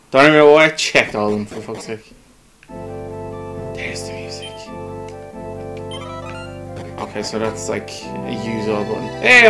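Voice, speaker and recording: A man with a lowish, slightly bright voice casually comments on a game he's playing. He swears, jokes and reads the on-screen text aloud in this let's play.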